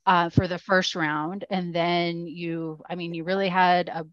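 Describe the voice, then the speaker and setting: A woman speaks in a slightly low register, chatting casually on a podcast. She fills her talk with likes and ums and gets animated when she acts out what people said. The sound is dry and a little muffled. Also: a little slow, dry recording. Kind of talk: casual chat.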